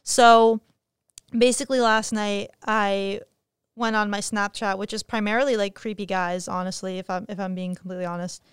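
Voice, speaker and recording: A woman's voice: mid-range voice, fairly even intonation, normal speed, clean tone, no echo, clean studio sound. A young adult woman hosting her own podcast in frank, profane, jokey casual chat. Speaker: podcast host.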